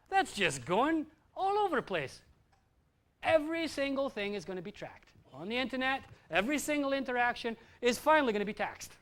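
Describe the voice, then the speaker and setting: A man's voice: sits high, a bit bright. A Scottish man giving a live lecture to an audience, blunt and profane, with asides to the crowd. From Scotland. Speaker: festival speaker.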